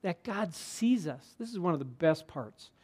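A man preaching a sermon as pastor, earnest and conversational, sometimes dropping to a hushed tone for emphasis. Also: fairly high pitch, big pitch swings, normal speed, slightly rough.

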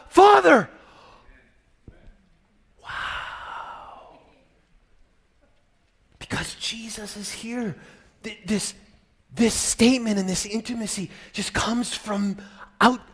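Exuberant preacher in his fifties. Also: very high-pitched. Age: 50s. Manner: swings from soft and intimate to loud and exclamatory; laughs often, exuberant. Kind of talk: sermon.

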